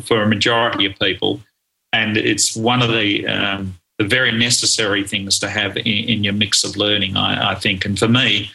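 On an interview show, a middle-aged guest talks about learning in a creaky voice on the low side, bright and forceful in tone. Eager and conversational, he keeps restarting and saying um, and the recording sounds rough.

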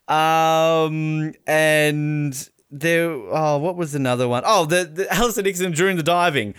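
A man's voice: fairly high pitch, normal speed, clean tone, no echo. Brief: Australian male podcast co-host, casual and rambling, close dry sound. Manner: rambling, animated, laughing. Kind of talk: casual chat recapping sports.

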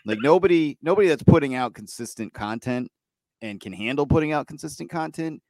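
A man's voice: on the high side, expressive, fairly quick, a little mellow, no echo. A middle-aged man co-hosting a podcast in casual chat, getting worked up, swearing freely and laughing often. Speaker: podcast co-host.

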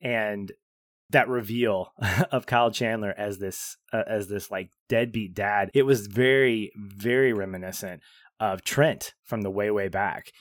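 A man co-hosting a film podcast, chatting in a relaxed way and laughing between points. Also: on the low side, measured pace, dry recording, studio quality. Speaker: podcast co-host. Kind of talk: casual film discussion.

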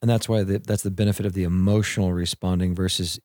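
A man in his thirties tells parenting stories on a podcast, often acting out what people said. His voice sits on the low side. The recording is dry and close, with no room sound. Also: quick pace, no room sound. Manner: animated storyteller, acts out quotes, laughs. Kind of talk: casual podcast conversation on parenting and mentoring.

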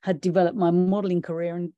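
A woman's voice: on the low side, level tone, fast talker, dry recording, phone-quality sound. A woman interviewing an old acquaintance, prompting him with shared memories and laughing lightly. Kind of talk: conversational interview.

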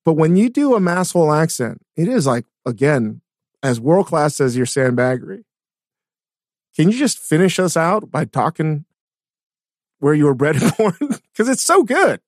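A man hosting a podcast interview, talking in an excited, casual way with many restarts. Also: a little high, moderate pace, dry recording, studio quality. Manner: enthusiastic, stammers on restarts. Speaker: podcast host.

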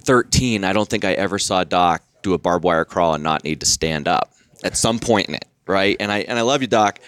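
A man in his forties, a podcast guest, telling a long story in a casual, animated way, laughing often and restarting his sentences. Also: sits low, fairly quick, no echo.

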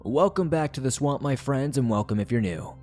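A man hosting a horror story show, narrating listener-submitted stories in a measured way. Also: medium pitch, lively intonation, a little mellow, soft background music.

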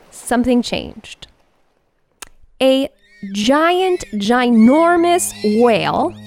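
A woman podcast host telling a personal story in an animated, expressive way, with big swings in pitch and pace. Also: no room sound.

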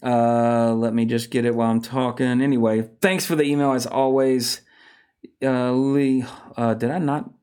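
A man's voice: mid-range voice, little pitch movement, moderate pace, a little mellow, smooth. Blunt, profane male podcast host. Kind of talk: casual chat.

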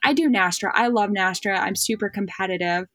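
A young woman talking on a podcast in an easy, casual way, slipping into little voices as she acts out what people said. Her pitch sits in the middle, and the sound is dry and close, with no room around it. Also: fairly quick, dry recording. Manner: lively storyteller acting out quoted dialogue. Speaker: podcast guest, bird dog handler and hunting guide. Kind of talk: casual chat.

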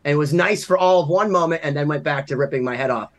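A man in his thirties co-hosting a podcast, telling long stories with big swings between loud and quiet. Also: fairly high pitch, fast. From Massachusetts. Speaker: podcast co-host. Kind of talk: casual chat.

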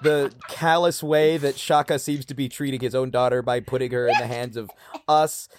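A player in a tabletop game, lively and joking, with quick flustered asides. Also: mid-range voice, noisy background. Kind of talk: tabletop game play, casual.

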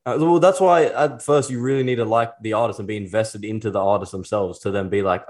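A man's voice: mid-range voice, quick pace, hardly any pauses, a little mellow. A young man from Australia, a music producer guest chatting casually in an interview, laid-back and slangy, acting out bits of conversations.

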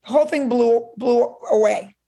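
Woman from cuba, guest, lively storytelling, acts out quotes, slightly high voice. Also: normal speed, vocal fry. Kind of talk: storytelling in a conversation.

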